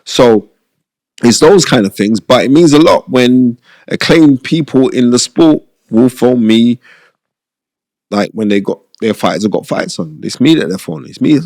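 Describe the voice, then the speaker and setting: A middle-aged man, telling stories in an interview, animated and slangy, repeating his phrases. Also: medium pitch, normal speed, gravelly, dry recording, studio quality. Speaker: boxing pundit and former boxer. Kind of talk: casual storytelling interview.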